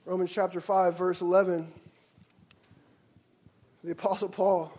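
High-voiced preaching man, passionate. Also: level tone, a little slow. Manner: passionate preaching, swings from hushed to loud exclamations. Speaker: pastor. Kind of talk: sermon. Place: church sanctuary.

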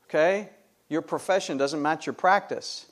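A middle-aged pastor preaching to his congregation, his voice a touch higher than most men's. He leans hard on rhetorical questions and answers them himself with rising emphasis. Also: moderate pace. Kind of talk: sermon.

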